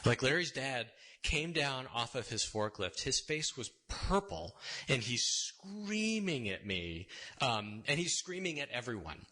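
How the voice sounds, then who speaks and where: A man's voice: on the high side, sharp tone, slightly rough. A man giving a conversational, storytelling sermon in a church, casual and wry, often checking in with his listeners. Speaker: sermon speaker. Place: church sanctuary.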